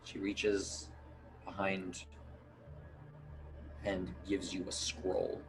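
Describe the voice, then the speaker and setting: Man, game master, tabletop narration, slow and halting, lowish voice. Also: completely flat delivery, noisy background. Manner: unhurried, halting with fillers.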